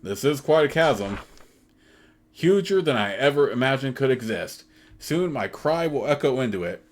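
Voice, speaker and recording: A man's voice: medium pitch, big pitch swings, normal speed, close to an everyday voice. Zealous pilgrim leader read by a man, male, endlessly optimistic, earnest and pleading, game dialogue read aloud. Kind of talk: reading a video game's dialogue aloud.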